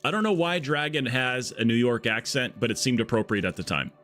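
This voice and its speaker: A man's voice: mid-range voice, expressive, fairly quick, fairly bright tone, soft background music. Chatty, jokey male game streamer. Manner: chatty, jokey, greets chat by name. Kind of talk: casual live-stream commentary.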